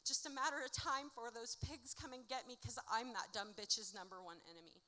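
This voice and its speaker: Bright-voiced woman reading poetry live. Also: a little high, fairly quick. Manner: dramatic, rhythmic delivery swinging from hushed to loud. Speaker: author reading her own work. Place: indoor music venue at a live event. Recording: reverberant live venue recording.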